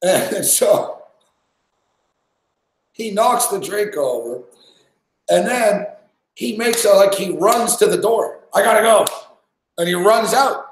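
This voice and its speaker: A young man spins a crude, rambling story, swearing constantly and padding every line with "like." His voice sits a touch high for a man. The room around him rings with a noticeable echo. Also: lively intonation, slow pace, long pauses. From Montreal, Canada. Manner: profane, rambling anecdote full of "like" and laughter. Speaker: podcast host. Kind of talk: casual storytelling chat. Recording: echoey room.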